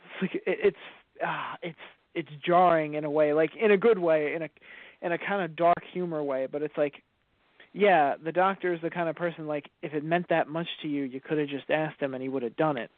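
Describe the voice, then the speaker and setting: A man co-hosting a casual podcast, sarcastic and quick to swear as he acts out quotes. His voice is a bit higher than most men's. The sound is dry and narrow, like a phone line. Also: steady tone, no echo. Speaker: podcast co-host. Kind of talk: casual review chat. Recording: tinny phone-like audio.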